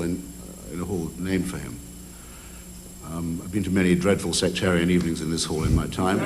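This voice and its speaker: A man's voice: fairly low pitch, background noise. An Englishman cross-examining an opponent in a debate in a public hall, wry and ironic, with hesitant ums. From England.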